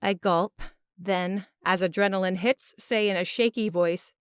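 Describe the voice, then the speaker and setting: A woman narrating a first-person audiobook in an expressive, emotional storytelling manner. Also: medium pitch, a little slow, smooth, dry recording. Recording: dry, close studio sound.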